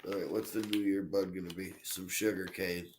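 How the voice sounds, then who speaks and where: A man's voice: low-pitched, little pitch movement, normal speed, a little mellow, slight background noise. A man co-hosting a live show, congested and talking in laid-back, profane banter. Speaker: co-host. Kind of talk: casual live-stream chat.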